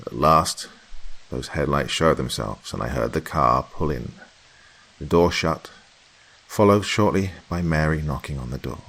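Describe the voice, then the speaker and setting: A man narrating a first-person horror story in a slow, hushed, dramatic way. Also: rumbling low, vocal fry, slightly rough.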